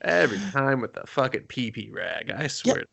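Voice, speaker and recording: A man's voice: mid-range voice, sing-song, moderate pace, gravelly, fairly bright tone. A man co-hosting a casual movie review talk, joking and laughing often as he riffs on scenes. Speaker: podcast co-host.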